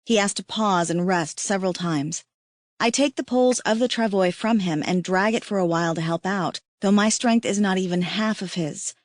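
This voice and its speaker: A woman reading a first-person audiobook in an intimate, steady storytelling manner on a close mic. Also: mid-range voice, normal speed, dry recording. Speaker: audiobook narrator.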